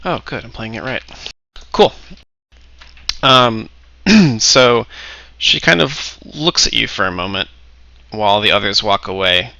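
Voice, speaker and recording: A man's voice: on the low side, expressive, unhurried, gravelly, pauses often, bright, forceful tone, dry recording, rough recording. A man running a tabletop game as game master, joking and laughing easily with his players.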